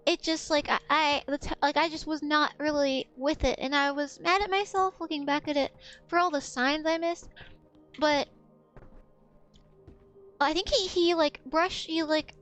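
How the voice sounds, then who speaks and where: A woman's voice: sits high, fairly even intonation, a little slow, a bit bright, faint music behind. A young woman streaming a game, chatting casually, swearing freely and gasping with startled laughter. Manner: swears freely, gasps oh my god, shrieks with laughter. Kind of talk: casual gaming stream chat.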